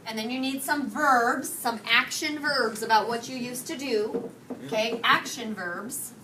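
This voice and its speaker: A woman teaching a high school Spanish class, questioning her students and mixing English with Spanish. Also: a little slow, bright, forceful tone. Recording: distant mic, noisy classroom.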